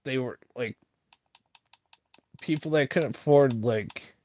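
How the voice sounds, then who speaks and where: A man's voice: mid-range voice, takes it slowly, noisy background. A man rambling in a casual monologue, full of fillers and restarts, mocking the people he disagrees with. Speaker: streamer.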